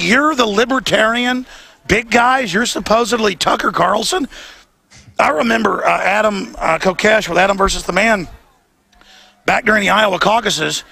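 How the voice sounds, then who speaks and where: Male talk-radio host, gravelly high voice, heated and emphatic rant. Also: sharp tone. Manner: fast, heated and emphatic, mocking his critics. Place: outdoors at a protest.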